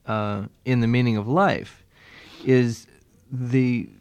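A man's voice: mid-range voice, steady tone, slow pace, a little mellow, smooth, muffled recording. A man interviewing a guest, asking questions in a hesitant, wry manner with many fillers. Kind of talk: casual interview.

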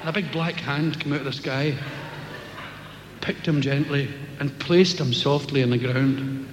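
A Scottish man telling jokes on stage as a stand-up comedian, chatty and animated. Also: medium pitch, a little slow, slight background noise. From Scotland. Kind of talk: live stand-up storytelling. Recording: echoey hall, live venue.

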